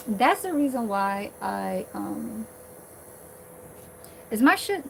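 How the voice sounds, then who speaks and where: A woman with a voice pitched a little high talks in a loose, rambling monologue. She is blunt and swears freely, circling back with fillers and restarts. The recording carries clear background noise throughout. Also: very animated, very slow, low-quality recording. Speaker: vlogger.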